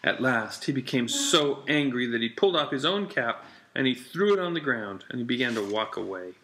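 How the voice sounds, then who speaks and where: A man reading a children's picture book aloud with a slow, deliberate, repetitive storytelling cadence. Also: medium pitch, expressive, sharp tone, slight background noise.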